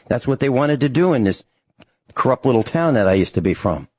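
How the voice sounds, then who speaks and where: Angry, husky male talk radio host. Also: mid-range voice, big pitch swings, brisk, a little mellow, no echo. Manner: angry, emphatic ranting.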